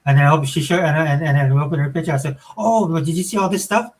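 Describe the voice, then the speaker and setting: Fast-talking, husky middle-aged man chatting. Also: fairly high pitch, low-quality recording. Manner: rambling, animated storyteller with many fillers. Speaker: podcast co-host. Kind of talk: casual chat.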